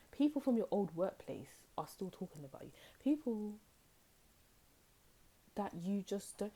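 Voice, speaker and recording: A woman's voice: medium pitch, very animated, moderate pace, pauses often, dark tone. A woman with a British accent giving a casual, chatty tarot reading to viewers, acting out what other people say. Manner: chatty, acts out quoted people with playful voices. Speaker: tarot reader.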